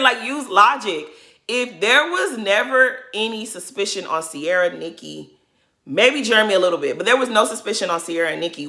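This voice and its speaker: Woman, casual reaction vlog, blunt and sassy, lowish pitch, bright forceful tone. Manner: blunt, sassy, talks straight to the cast. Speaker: reality TV reaction vlogger.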